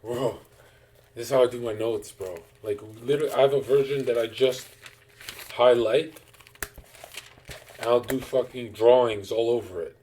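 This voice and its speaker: A man's voice: medium pitch, normal speed, long pauses, dark tone. A man chats on a live stream in a loose, crude, rambling way, full of slang. His voice sits in a plain middle range. A faint noise runs under the recording. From Canada. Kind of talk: casual live-stream chat.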